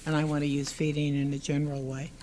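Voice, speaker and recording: A woman's voice: low voice, level tone, fast, warm tone, a little hiss or hum. A woman giving public comment at a city council meeting, earnest and partly reading from prepared text.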